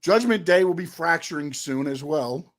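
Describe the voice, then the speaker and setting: A high-voiced man co-hosting a wrestling talk show who argues and doubts everything. His pitch jumps around in lively swings, and he keeps firing questions at his partner. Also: moderate pace. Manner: skeptical, argumentative, leans on questions. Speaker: co-host.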